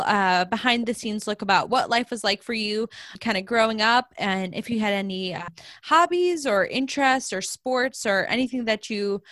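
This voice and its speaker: A woman's voice: mid-range voice, fairly bright tone, no echo. A young woman hosting a casual interview, friendly and encouraging, with long rambling questions. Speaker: podcast host. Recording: dry close-mic sound.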